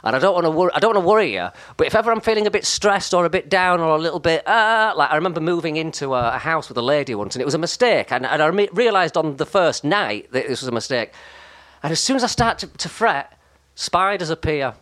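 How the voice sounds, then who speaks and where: A man with a high, light voice, chatting as a guest and wandering off into comic, self-mocking tangents with many restarts. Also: lively intonation, fast, fairly bright tone. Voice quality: high, light voice that never broke. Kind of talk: casual chat.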